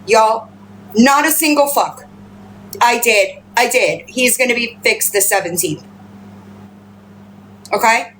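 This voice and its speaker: Slow-talking woman on a phone livestream, a bit high-pitched, cussing and chatty, with faint noise behind her. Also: expressive, a bit bright, rough recording. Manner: profane, rambling, and chatty, switching to high baby-talk with her pets. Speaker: livestream host. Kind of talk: casual livestream chat. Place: at home with pets.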